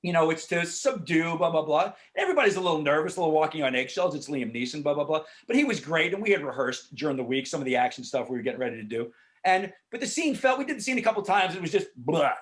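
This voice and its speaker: A man, an actor, answering questions in a casual Q&A over a video call, frank and animated, swearing freely and filling talk with asides. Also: on the high side, quick pace. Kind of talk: casual Q&A storytelling.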